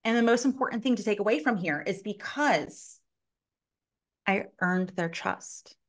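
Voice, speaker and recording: Animated woman telling sales stories. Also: medium pitch, measured pace. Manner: animated, acts out quoted voices, heavy use of "like"; blunt, swears casually. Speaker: sales consultant guest. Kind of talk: casual storytelling in an interview.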